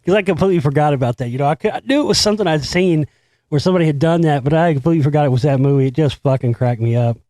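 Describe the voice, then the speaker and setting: Male host, American, slightly high voice, swears a lot, loose rambling chat, dry close sound. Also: rapid-fire, darkish tone, no echo. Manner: rambling, profane, laughs at his own stories. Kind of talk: casual solo talk show monologue.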